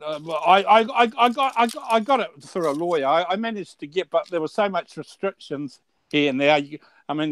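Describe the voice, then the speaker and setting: A man with a New Zealand accent chatting casually, halting and restarting his sentences often. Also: on the high side, a bit bright, no echo. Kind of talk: casual chat.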